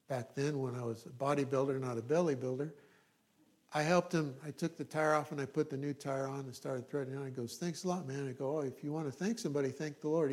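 A middle-aged pastor with a voice on the high side preaches conversationally, dropping in asides and checking in often with the congregation.

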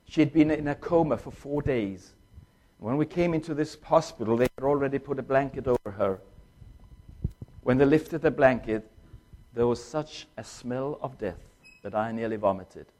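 Older male former preacher, emotional testimony, halting short phrases, mid-pitched voice. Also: dark tone. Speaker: former pastor and missionary. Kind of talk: personal testimony.

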